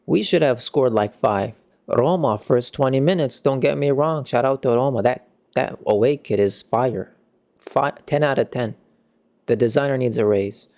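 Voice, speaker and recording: A young man giving a casual football match reaction, excitable and ranting, with sudden jumps in pitch. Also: creaky. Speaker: football fan vlogger.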